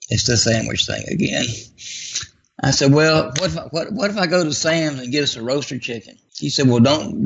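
A man's voice: medium pitch, very animated, normal speed, gravelly, husky, dull audio. A man telling a personal story in a folksy, self-deprecating way, as a guest on a talk show.

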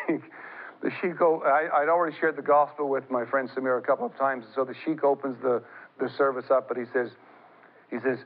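A middle-aged man preaching a sermon, telling stories in an animated way that climbs high as he gets excited. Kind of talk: sermon with storytelling. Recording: tinny phone-like broadcast sound.

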